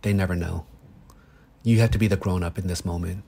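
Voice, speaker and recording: Guy in his 30s with a lowish voice, earnest psychologist explaining stuff with examples. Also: fairly even intonation, fairly quick, gravelly, mellow, husky. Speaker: psychologist guest. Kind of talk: conversational explanation.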